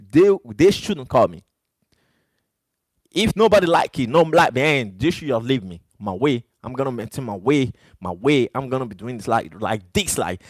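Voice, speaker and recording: This livestream host is a man whose first language isn't English. His voice sits on the high side and the recording has no echo. He addresses his chat directly, emphatic and repetitive.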